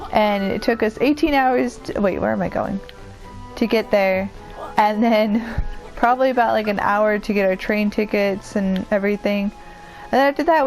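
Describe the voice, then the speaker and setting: A young woman with a medium-pitched voice offers casual let's play commentary on a video game she is playing. She rambles, chats, and jokes at her own expense, and the audio quality is poor.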